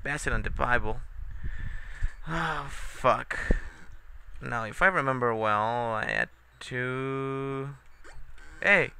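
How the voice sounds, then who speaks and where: A man doing profane let's play commentary, talking slowly and hesitantly with lots of fillers. His voice is very bright and smooth. He keeps yelling and swearing at the game. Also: mid-range voice.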